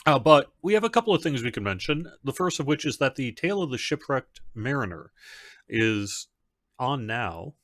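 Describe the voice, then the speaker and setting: A man's voice: medium pitch, sing-song, normal speed, fairly bright tone, dry recording, studio quality. A man, the community manager of a game, hosting a casual live stream from home; he rambles conversationally, with fillers and restarts. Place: home setup.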